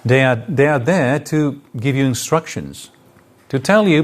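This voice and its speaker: A man's voice: medium pitch, expressive, normal speed. A man lecturing to an audience in a hall, explaining his points with spoken examples and shifts in intonation. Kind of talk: live lecture.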